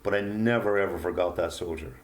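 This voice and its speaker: An older man, a guest author, telling a personal story in an earnest, halting way with many pauses and fillers. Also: low voice. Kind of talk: reflective storytelling interview.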